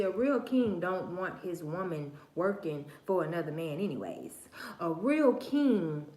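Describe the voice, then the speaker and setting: A woman's voice: on the low side, roomy sound. A woman hosting a livestream, giving her opinions in a slangy, emphatic, preachy way, repeating her phrases. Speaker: livestream host. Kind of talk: casual opinion monologue on a livestream.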